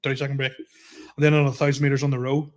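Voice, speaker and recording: A man's voice: mid-range voice, level tone, fast. A man in his thirties co-hosting a comedy podcast, ranting in casual chat, laughing often, repeating himself and swearing freely. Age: 30s.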